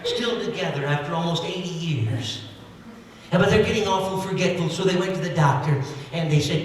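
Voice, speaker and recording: A man's voice: a little high, brisk, slight background noise. A man telling jokes in a folksy, chatty stand-up routine. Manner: folksy, chatty joke delivery. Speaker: stand-up comedian. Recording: echoey hall recorded from far off.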